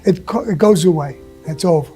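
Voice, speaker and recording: A man's voice: high-pitched, a little fast, mellow, soft background music. A man being interviewed, telling blunt, profane stories with lots of emphasis and the odd laugh. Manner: blunt, emphatic, swears often, laughs mid-story. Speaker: interview guest. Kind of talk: profane storytelling.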